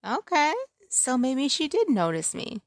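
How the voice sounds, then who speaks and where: A woman's voice: sits high, big pitch swings, a little slow, dry recording. A woman narrating a romance story in the first person, in a wry, conversational way.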